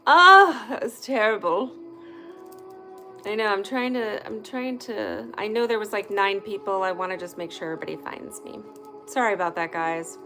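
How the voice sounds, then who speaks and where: A woman's voice: mid-range voice, moderate pace, bright, forceful tone, faint music behind. A woman hosting a casual live online session from home, chatty and candid, swearing freely when something annoys her. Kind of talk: casual live-stream chat. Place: at home indoors by a fireplace.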